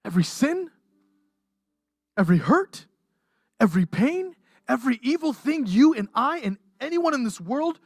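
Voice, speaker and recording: A pastor delivering a livestreamed sermon, impassioned and emotional, rising to near-shouts and dropping to hushed softness. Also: high voice, sing-song, moderate pace, long pauses, dry recording, studio quality. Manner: impassioned, swings from raised intensity to hushed softness. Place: church.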